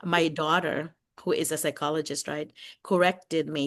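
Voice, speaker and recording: Fast-talking Filipina teacher on a video call. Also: female voice, low voice. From Philippines. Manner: talks fast when excited, lively, with laughs. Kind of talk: casual video-call chat.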